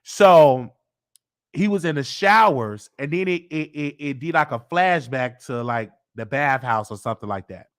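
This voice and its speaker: A man's voice: fairly high pitch, lively intonation, normal speed. A man hosting his show, telling a long story in a rambling casual way, with many repeats and restarts. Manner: rambling, repeats himself, quotes people with changing voice. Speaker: host. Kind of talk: casual monologue.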